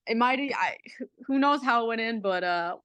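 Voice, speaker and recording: Smooth-voiced young woman, relaxed chat. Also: a little high, normal speed, no echo, highs cut off. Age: young adult. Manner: repeats words, fillers, laid-back. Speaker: college athlete guest. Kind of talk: casual interview chat.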